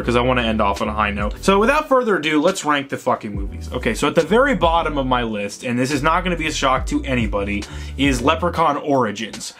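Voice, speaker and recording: A tired, excitable man rambles through a profane rant about horror films. His pitch sits in the middle, and faint music plays behind him. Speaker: host. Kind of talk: ranting movie vlog.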